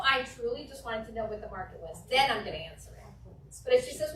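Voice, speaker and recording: A fairly high-voiced woman leads a real estate training class, jumping into little acted-out client exchanges as she goes. She is picked up from across an echoey room, with a faint hum of room noise behind her. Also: brisk, distant mic. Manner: animated, acts out client dialogues.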